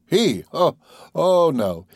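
A man reading a chatty young French viscount in an audiobook, in an animated, slightly raised voice. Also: fairly high pitch, drawn-out words, dry recording, studio quality, pitched above the performer's own voice, exaggerated voice. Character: young male French viscount, lively and gossipy. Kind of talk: audiobook character voice.

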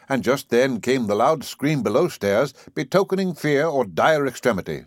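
A male audiobook narrator reads in a measured, wry way at a middling pitch. The recording is close and dry, with no room sound. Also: sing-song, dry recording. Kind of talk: scripted narration.

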